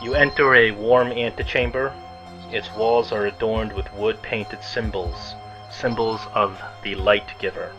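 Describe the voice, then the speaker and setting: A man as game master, narrating a tabletop game in a descriptive way with frequent pauses. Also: on the low side, fairly even intonation. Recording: lo-fi recording with faint music.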